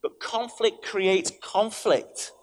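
A man, a vicar, preaching an animated sermon in church, telling stories and switching in and out of quoted voices. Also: sits high, slow pace.

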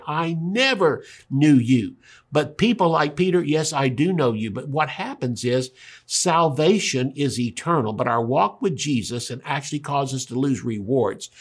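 Male Bible teacher with a husky voice, chatty and emphatic. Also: medium pitch. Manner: retells scripture conversationally with emphatic asides. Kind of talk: sermon.

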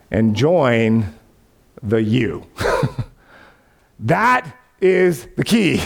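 A man preaching a sermon, telling a story with animation and acting out voices of the people in it. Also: sits high. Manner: animated storytelling, acts out voices of God and Abraham, laughs. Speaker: pastor.

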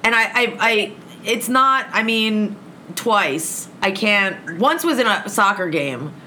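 A woman's voice: mid-range voice, takes it slowly, slight background noise. A woman telling a heated story in casual conversation, swearing freely and acting out both sides of an argument. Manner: profane, animated, acts out both sides of an argument.

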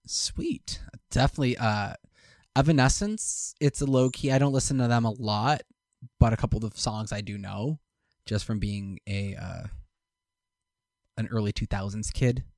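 A man's voice: on the low side, moderate pace, no echo. Man in his thirties, podcast host, casual rambling chat, dry close sound. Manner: rambling, animated, self-correcting.

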